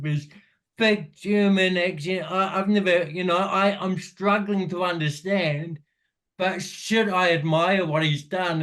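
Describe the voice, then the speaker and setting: A man whose speech carries the slur of cerebral palsy. His voice sits high for a man. He chats frankly and casually, swearing now and then and restarting his thoughts. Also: a bit bright. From New Zealand. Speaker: podcast guest, inspirational speaker. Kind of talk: casual chat.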